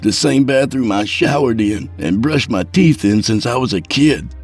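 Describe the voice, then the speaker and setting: Slow, brooding, unhinged man, read by the male narrator for a horror tale. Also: low voice, animated, breathy edge, faint music behind, pitched above the performer's own voice. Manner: slow, brooding, turning to frantic shouts.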